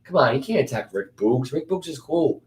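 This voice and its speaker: A man co-hosting a casual wrestling recap, blunt and ranting, quick to call things terrible. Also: mid-range voice, animated. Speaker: podcast co-host.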